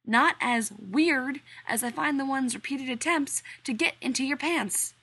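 A woman's voice: high-pitched, measured pace, pushed and bright, slightly rough, pitched above the performer's own voice, heavily acted. A woman voicing an irritable, sarcastic male scientist in an audiobook reading, with huffy, indignant rants.

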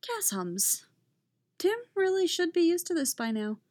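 Slow, calm woman reading a story. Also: very high-pitched, no room sound. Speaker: narrator. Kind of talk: reading fan fiction aloud.

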